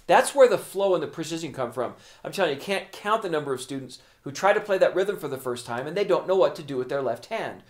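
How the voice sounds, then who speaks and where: A man's voice: on the high side, expressive, fast, hardly any pauses, a little hiss or hum. A man teaching a drum lesson, patiently explaining hand motions and counting rhythms aloud as he demonstrates. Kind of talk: instructional lesson.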